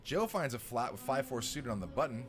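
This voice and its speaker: A young man doing live poker stream commentary, jokey and playful, with sudden loud bursts. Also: medium pitch, big pitch swings, brisk.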